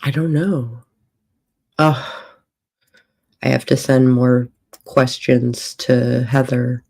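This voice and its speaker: A woman's voice: a bass voice, flat delivery, drawn-out words, dark tone. A woman streamer and author chatting casually on a livestream from a hotel room, rambling and thinking aloud.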